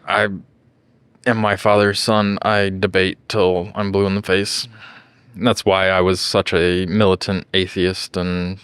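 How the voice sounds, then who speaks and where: A young man with a low, smooth voice trades casual, profane stories as a podcast co-host. His delivery is animated, and the sound is close and dry. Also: measured pace, no echo. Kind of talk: casual banter.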